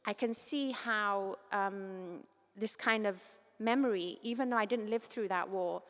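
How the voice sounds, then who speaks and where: A woman from Cyprus giving an academic conference talk, lively and informal, with quick asides and quoted voices. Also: medium pitch. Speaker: conference speaker. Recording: long reverb of a large hall.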